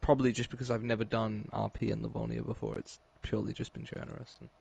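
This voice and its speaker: English guy on a podcast, gravelly husky voice, kinda low, laid-back rambling chat. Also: flat delivery, fast talker, darkish tone, highs cut off. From England. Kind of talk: casual chat.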